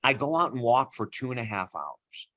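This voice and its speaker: A man in his sixties telling a personal story in an interview, animated and chuckling often. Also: mid-range voice, moderate pace, dry recording, poor audio. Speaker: interview guest, counselor.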